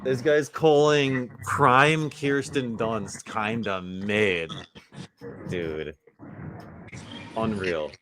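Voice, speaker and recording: A man's voice: fairly low pitch, drawn-out words, pauses often, noisy background. A man hosting a casual livestream chat, laid-back and teasing with crude banter. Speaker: host.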